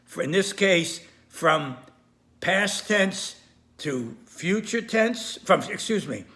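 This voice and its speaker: A man giving a recorded lesson, explaining carefully with repetition, pauses and small self-corrections. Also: sits high, animated, sharp tone. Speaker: Torah teacher. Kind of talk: recorded lesson on Hebrew grammar.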